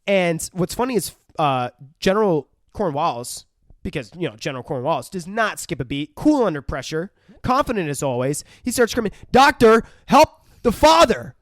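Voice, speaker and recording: A man's voice: on the high side, sing-song, a little fast, no echo, studio quality. A man co-hosting a podcast, casually and profanely retelling movie scenes in a film review chat. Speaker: podcast co-host.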